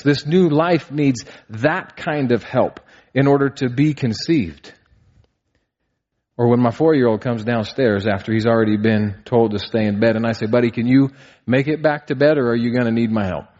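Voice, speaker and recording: A pastor in his thirties preaches a sermon in a medium-pitched, slightly mellow voice. He is earnest, posing rhetorical questions and building to emphatic peaks, and the recording sounds a bit dull and muffled.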